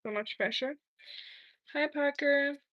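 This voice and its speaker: A woman's voice: high voice, takes it slowly, highs cut off. A woman hosting a casual livestream, chatting while she cooks and greeting viewers by name. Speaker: livestream host. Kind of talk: casual live chat.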